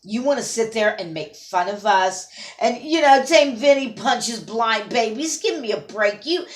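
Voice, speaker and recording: A woman's voice: on the high side, lively intonation, a little slow. A woman ranting to camera in an angry, scolding, at times tearful vlog. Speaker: vlogger. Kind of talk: emotional rant to camera. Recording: roomy echo.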